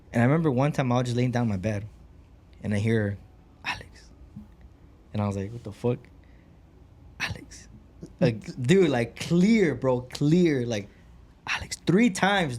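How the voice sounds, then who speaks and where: A man's voice: medium pitch, a little mellow. A man co-hosting a podcast, chatting casually and telling a story, peppering it with "like," "bro" and swearing. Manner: swears freely, lots of "like" and "bro". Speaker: podcast co-host.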